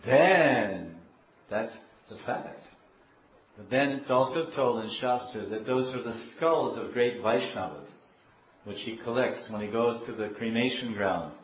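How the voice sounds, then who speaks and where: A male preacher tells a devotional story in an animated way, repeating phrases and quizzing his listeners. His voice sits mid-pitched in a dull, echoey recording with a faint hiss. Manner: animated, repeats himself, asks the audience questions.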